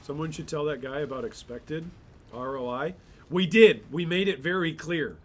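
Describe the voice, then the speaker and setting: A man's voice: on the high side, moderate pace. Man rambling over his gameplay. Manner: rambling, exasperated asides. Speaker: gaming channel host. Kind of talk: casual gameplay commentary.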